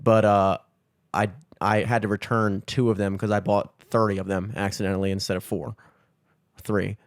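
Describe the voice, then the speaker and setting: A man's voice: on the low side, flat delivery, normal speed, dry recording, clean studio sound. A young man co-hosting a podcast, chatting casually in a loose, joking, profane way. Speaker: podcast co-host. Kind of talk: casual chat.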